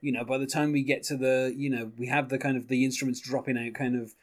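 A man talks loosely about a favourite song, padding his thoughts with fillers and little laughs. His pitch sits right in the middle for a man. Whenever he quotes a lyric, his voice drops low and soft. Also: little pitch movement, quick pace. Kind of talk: casual music discussion.

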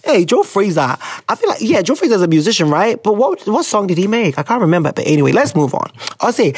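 A Ghanaian woman hosting an advice podcast, reading listener letters and reacting with sarcastic, profane, animated chat. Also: medium pitch, fairly quick, husky, dry recording, clean studio sound. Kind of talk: casual chat.

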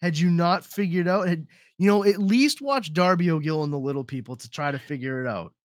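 A man's voice: fairly high pitch, brisk, no room sound, studio quality. A man hosting a podcast in casual chat, rambling with lots of swearing and trailing off mid-sentence. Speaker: podcast host.

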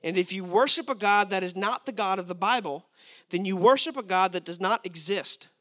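A man's voice: high voice, fairly quick, fairly bright tone. A young man preaching a sermon, emphatic and asking his listeners rhetorical questions.

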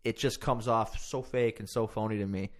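Dude rambling on a podcast, swears constantly, lots of restarts, makes fun of himself. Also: male voice, lowish voice, fairly even intonation, moderate pace. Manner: rambling, swears a lot, self-mocking. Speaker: podcast co-host. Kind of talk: casual profane political chat.

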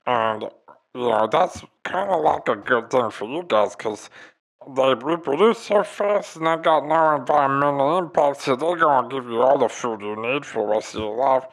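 A man's voice: mid-range voice, big pitch swings, a little slow, fairly bright tone, poor audio. A man playing a folksy alien envoy woman. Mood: rambling. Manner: folksy rambling speech with rustic grammar. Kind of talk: improv comedy scene.

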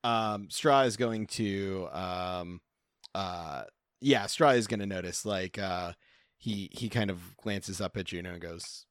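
A man's voice: deep voice, slow pace, dry recording, studio quality. A man playing a tabletop game, narrating his character's actions hesitantly with many fillers. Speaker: player. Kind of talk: casual narration of play.

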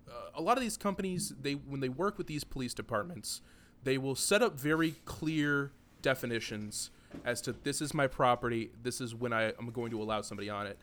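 A man's voice: medium pitch, a bit bright. Joking man hosting a podcast. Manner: joking, rambling, laughs often. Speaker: podcast host. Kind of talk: casual podcast chat.

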